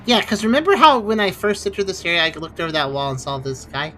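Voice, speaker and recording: A woman's voice: fairly low pitch, fast, pushed and bright. A woman streamer giving chatty, playful commentary while she plays a game. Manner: chatty, reactive, playful asides. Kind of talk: casual gameplay commentary.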